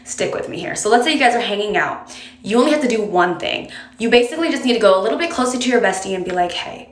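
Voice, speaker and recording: A woman's voice: medium pitch, lively intonation, rapid-fire. A woman giving casual, direct advice to camera in a chatty way, coaxing the listener along. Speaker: advice creator. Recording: roomy echo.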